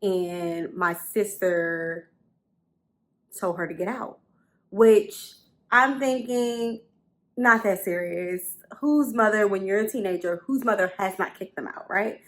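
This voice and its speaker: A woman's voice: medium pitch, slow pace. Chatty young woman vlogging from her bedroom. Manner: chatty, repeats phrases for emphasis. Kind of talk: casual storytelling to camera. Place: bedroom at home.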